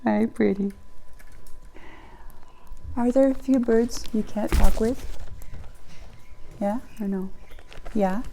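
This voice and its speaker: A woman's voice: medium pitch, creaky, dark tone, slight background noise. A woman chatting casually with her pet parrot, asking patient, repeated questions. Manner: patient, questioning, slow and repetitive. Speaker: parrot owner.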